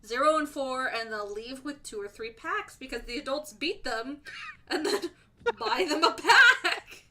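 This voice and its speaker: A woman co-hosting a podcast in casual chat, giggly and quick to react. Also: high-pitched, expressive, sharp tone. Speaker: podcast co-host.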